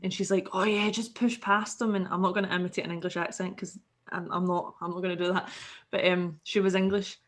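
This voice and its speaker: A woman's voice: lowish voice, little pitch movement, fast talker. A Scottish woman, a podcast guest, telling a story casually and animatedly, swearing freely and acting out the people she quotes.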